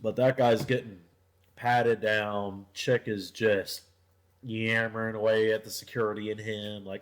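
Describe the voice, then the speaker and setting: A man's voice: lowish voice, steady tone, a little slow. A young man co-hosting a podcast in casual chat, telling rambling, profane stories that often drop to a mutter. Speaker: podcast co-host.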